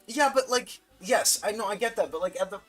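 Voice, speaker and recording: A woman streaming a story game from home, reading its text aloud and thinking out loud between laughs. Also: mid-range voice, expressive, a little fast, rough recording. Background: faint game music.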